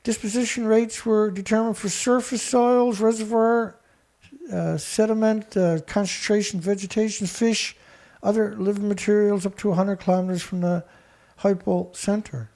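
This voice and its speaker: A man hosting a show, reading research text aloud haltingly and breaking in with scornful remarks to an absent critic. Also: high-pitched, steady tone, vocal fry, dark tone. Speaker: show host. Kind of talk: reading documents aloud with commentary.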